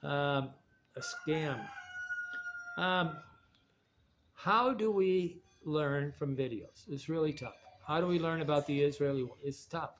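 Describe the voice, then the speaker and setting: A man's voice: fairly high pitch, slow pace, a little hiss or hum. A man talking in a rambling, digressive monologue, often restarting his sentences. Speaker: video essayist.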